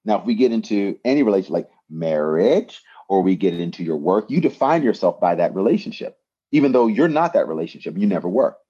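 A man in casual conversation telling an animated story, often checking in with "right?". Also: low voice, fast, breathy edge, highs cut off.

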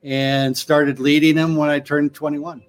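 Casting: male guest, relaxed and halting, slightly high voice, video call. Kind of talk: casual chat.

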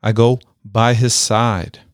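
A man telling a personal story with a military background, speaking emphatically, repeating key phrases and slowing down to stress them. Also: medium pitch, little pitch movement, no echo, clean studio sound. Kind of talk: motivational storytelling.

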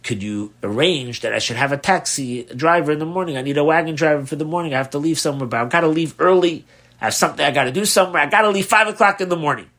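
A man playing a rushed traveler begging a favor. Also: a little high, a bit bright. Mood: urgent. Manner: pleading, rushed. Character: hurried male traveler asking favors.

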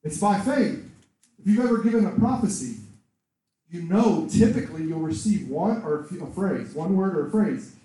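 A man preaching and telling his own story in a mellow, fairly high voice. He tells it in an animated way, the words ringing out through a very echoey room. The mic sits well away from him. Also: normal speed, distant mic. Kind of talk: sermon with personal testimony.

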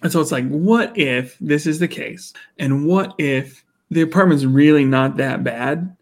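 Gravelly-voiced man, casual podcast co-host. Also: on the high side, a little slow, a little mellow. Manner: laughs often, acts out quotes of characters. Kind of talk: casual chat.

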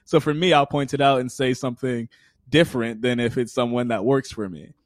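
A man's voice: medium pitch, a little fast, no room sound, studio quality. Earnest young man giving advice. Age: 20s. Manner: earnest, explains with everyday examples. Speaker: podcast guest. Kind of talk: conversational interview.

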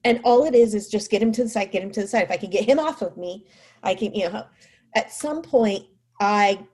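A woman's voice: mid-range voice, brisk. A mother telling a personal story in a casual way, full of "like" and "you know", acting out what people said. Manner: animated, acts out quoted speech; frequent fillers like "like" and "you know".

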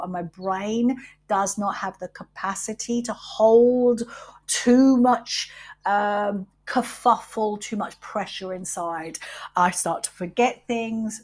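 A middle-aged woman hosting a podcast, talking candidly about her wellbeing routines, unhurried and reflective, swearing freely. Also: medium pitch. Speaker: podcast host.

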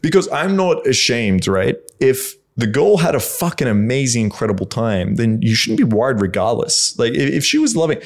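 A man's voice: medium pitch, sing-song, moderate pace, few pauses. A man co-hosting a casual podcast, giving frank advice in a blunt, instructive way and swearing often.

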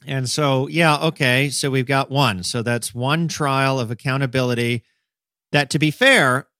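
Animated man in a dry room. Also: mid-range voice, measured pace, no room sound. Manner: animated, acts out quotes in voices; talks in extended metaphors. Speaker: podcast co-host. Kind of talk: casual discussion.

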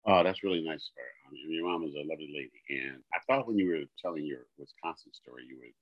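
Low voiced podcast guy, chatty, gets animated acting out his uncles. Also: quick pace, highs cut off. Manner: animated storyteller, acts out quoted dialogue. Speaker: podcast co-host. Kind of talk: casual chat, storytelling.

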